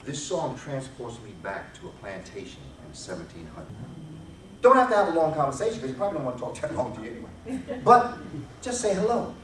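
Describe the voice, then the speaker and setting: A man's voice: medium pitch, sing-song, fairly quick, fairly bright tone, far from the mic. Emphatic male lecturer in an echoey hall. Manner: emphatic preacher-like delivery with rhetorical repetition. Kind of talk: public lecture to an audience. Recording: echoey hall, recorded from afar, noisy.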